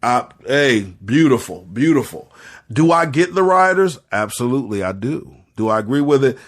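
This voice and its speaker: A medium-pitched, slightly bright voice with lively intonation carries this man's impassioned commentary at a normal speed. As a podcast host and spiritual leader, he sounds earnest and preacherly, repeating phrases and restraining tears.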